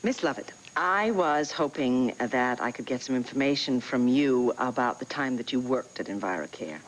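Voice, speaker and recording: A woman's voice: rumbling low, lively intonation, moderate pace, a little hiss or hum, rough recording. An actress playing a determined, gracious woman who presses politely for what she needs, in 1980s soap opera style. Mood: earnest. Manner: gracious but insistent. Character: determined, persuasive woman chasing old files.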